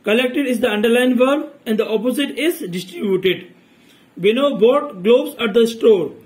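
A man with a very high voice works through grammar exercises as a teacher. He reads each sentence aloud and explains the answer in a steady, methodical manner. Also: moderate pace, rough recording.

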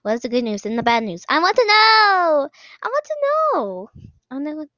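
A woman commenting on a game as she plays, excitable, often squealing and laughing. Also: high voice, normal speed, dry recording. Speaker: gaming video creator. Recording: slightly dull lo-fi sound, dry.

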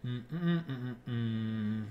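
A mid-pitched man casually playing through a retro adventure game on a podcast. He reads the on-screen text aloud and drops dry, amused remarks, with faint keyboard clicks in the background. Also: drawn-out words, lo-fi sound, slight background noise. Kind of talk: casual let's-play commentary.

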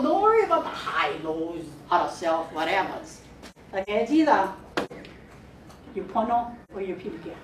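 A woman's voice: medium pitch, big pitch swings, moderate pace, slight background noise. A woman from Hawaii with a Hawaiian Pidgin-tinged accent, a spiritual teacher leading an informal workshop talk in a chatty, playful way, laughing often and mixing in Hawaiian words. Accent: Hawaiian Pidgin-tinged English. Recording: echoey room, distant mic, faint ambience.

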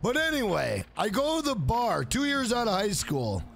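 A man's voice: high-pitched, wildly swooping pitch, moderate pace, vocal fry, fairly bright tone. A man around forty, streaming a game live, hyping up and thanking his chat in a casual, profane way. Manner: hyped, profane, reads out viewer names.

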